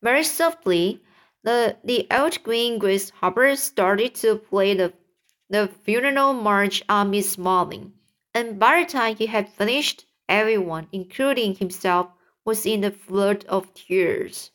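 A woman reading a children's book aloud, slowly and carefully, with small restarts and repeated words, raising her voice for the characters' lines. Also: medium pitch, a bit bright. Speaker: reader.

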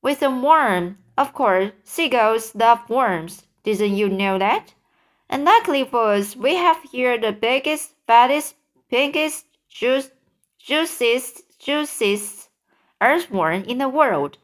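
A woman playing a calm, determined boy. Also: on the high side, takes it slowly.

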